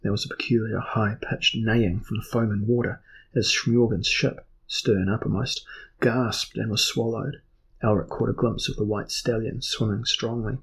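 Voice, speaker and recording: A man narrating a fantasy audiobook in steady, measured storytelling. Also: lowish voice, creaky, slightly rough, poor audio.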